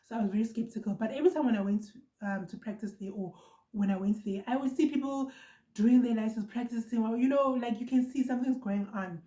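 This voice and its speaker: A young South African woman vlogger telling a story in a casual, animated way, repeating herself for emphasis. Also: a little high, quick pace, roomy sound.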